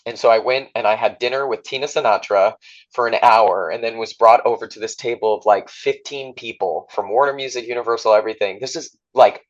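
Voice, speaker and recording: A man's voice: mid-range voice, fairly quick. Man telling a story, slightly muffled audio. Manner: animated storyteller who acts out others' lines. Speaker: podcast guest. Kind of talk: casual podcast chat.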